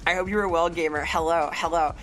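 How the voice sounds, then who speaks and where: A woman's voice: on the low side, fairly even intonation, quick pace, fairly bright tone, soft background music. A woman streaming a game live, rambling playfully, swearing freely and greeting chat members.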